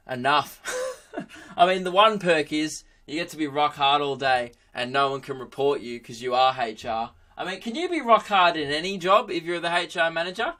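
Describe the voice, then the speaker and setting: A young man in his twenties hosts a podcast in a loose, comic monologue. His voice is bright and sits a little high. He jokes crudely, laughs often and keeps the energy animated. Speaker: podcast host, comedian. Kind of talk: casual comedic monologue.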